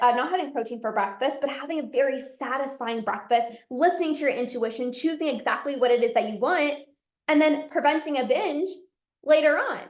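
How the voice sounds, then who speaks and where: A woman hosting a solo podcast as a coach, talking to her listeners in an upbeat, encouraging way. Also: high-pitched. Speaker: podcast host and binge eating coach. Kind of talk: motivational solo podcast talk. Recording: echoey room.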